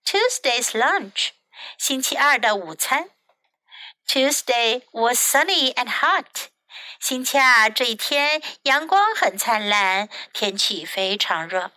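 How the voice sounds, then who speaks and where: Female storyteller for kids, high bright voice, slow and clear, dry close mic. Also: sing-song, dry recording. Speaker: English teacher reading a bilingual storybook. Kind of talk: bilingual children's story reading.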